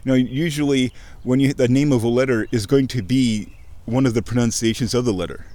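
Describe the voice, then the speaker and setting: A man recorded on a handheld mic as he walks outdoors beside a creek, chatting to the camera. He rambles, cuts himself off mid-thought and swears offhandedly. His voice sits at an ordinary middle pitch but swings up high when something delights him. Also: fairly quick, no echo. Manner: excitable, self-interrupting, swears casually. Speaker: vlogger. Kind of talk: rambling casual monologue.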